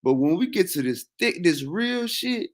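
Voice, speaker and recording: A man talking in a loose, animated way, full of slang and cursing. His voice sits high and swings up and down a lot as he drives his point home. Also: moderate pace. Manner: animated, repetitive, heavy slang and profanity. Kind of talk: casual freestyle talk.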